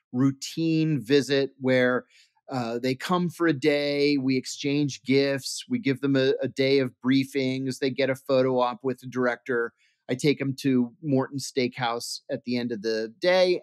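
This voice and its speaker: A man's voice: medium pitch, darkish tone, no echo, studio quality. A man, a former intelligence officer, telling anecdotes in an interview, acting out quoted dialogue with frequent restarts. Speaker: guest, former CIA officer. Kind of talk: storytelling interview answer.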